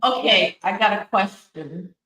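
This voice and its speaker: Slow-talking woman in a roomy echo. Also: medium pitch, sharp tone. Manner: playful, teasing, sly jokes. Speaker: podcast co-host. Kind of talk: casual chat.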